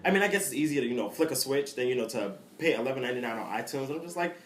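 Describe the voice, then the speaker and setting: A man's voice: mid-range voice, lively intonation, very fast, fairly bright tone, reverberant, slight background noise. A man co-hosting a podcast, chatty and blunt in casual talk. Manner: chatty, blunt, many fillers. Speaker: podcast co-host. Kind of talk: casual chat.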